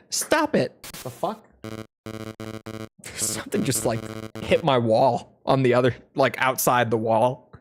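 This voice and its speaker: A woman gives casual gameplay commentary, chatty and reactive as she reads dialogue aloud. Her voice is low and unhurried but lively in pitch. Faint music plays behind her. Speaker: gaming streamer.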